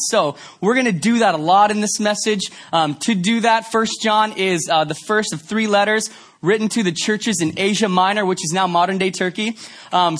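Man from Canada, pastor, relaxed sermon, high voice, chatty storyteller, church. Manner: conversational, animated storyteller, many fillers. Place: church sanctuary.

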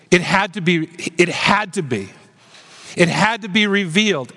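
High-voiced male pastor in a reverberant hall. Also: fairly bright tone. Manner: earnest, questioning, slows down on key phrases. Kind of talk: sermon.

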